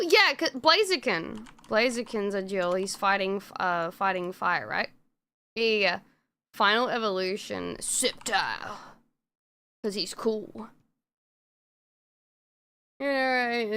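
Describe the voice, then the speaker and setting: A woman's voice: on the high side, sharp tone, clean tone. A woman streamer chatting casually on a live stream, rambling with lots of fillers and frequent swearing.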